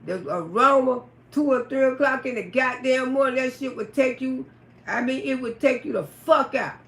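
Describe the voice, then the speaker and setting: A woman telling a raunchy story on a live stream, loud, profane and laughing often. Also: high-pitched, normal speed, reverberant. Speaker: livestream storyteller.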